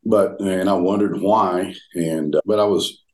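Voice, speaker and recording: A very deep-voiced older man with a Southern US drawl, speaking as an interview guest. He tells his story earnestly, often stopping to restart a phrase. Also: fairly even intonation, a little mellow. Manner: earnest, halting with frequent restarts. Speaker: guest, former pastor.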